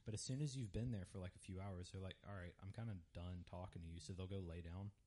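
A young man co-hosting a podcast, telling stories in a rambling, animated casual chat full of fillers. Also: deep voice, fast talker. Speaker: podcast co-host.

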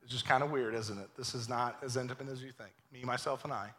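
A man preaching a lively, joking sermon in a church, acting out voices as he goes. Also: medium pitch, fast. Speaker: pastor. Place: church sanctuary.

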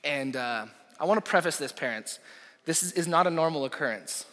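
A young adult man, a pastor preaching a sermon, impassioned, rising to loud peaks and dropping to near whispers. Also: on the high side, lively intonation, brisk. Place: church auditorium. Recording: echoey hall reverb.

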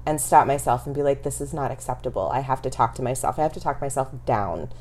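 A woman's voice: rumbling low, fast talker, darkish tone, faint music behind. A middle-aged woman from Texas speaking candidly and reflectively as an interview guest, laughing now and then. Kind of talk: casual conversational interview.

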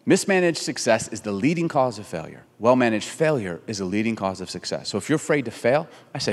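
A middle-aged man preaching a sermon in an animated, conversational way, acting out quotes as he goes. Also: fairly low pitch, fast, hardly any pauses. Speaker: pastor. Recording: reverberant hall.

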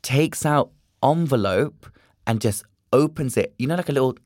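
Young guy telling stories on a podcast, animated, does all the voices, dry sound. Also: mid-range voice, moderate pace, no echo. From England. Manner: animated, acts out quoted dialogue. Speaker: podcast guest, drag performer. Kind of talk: casual storytelling chat.

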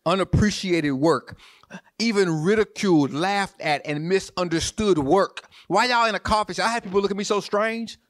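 A man preaching a sermon in an informal, folksy way, repeating his questions and calling on the congregation to respond. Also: high-pitched. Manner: preaching with repetition and call-and-response; folksy, informal church talk with "y'all". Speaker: pastor.

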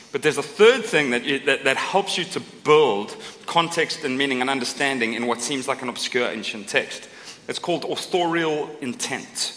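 Long hall reverb surrounds a middle-aged male pastor whose mid-range voice is a bit bright and moderately paced. His sermon is chatty and joking, sprinkled with questioning "right?" tags, self-deprecating jokes and remarks to the congregation.

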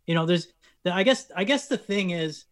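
A Canadian man chatting as a guest, animated and quick to restart his sentences, often laughing as he makes a point. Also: high voice. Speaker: guest, cast member of a sitcom. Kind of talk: casual conversation.

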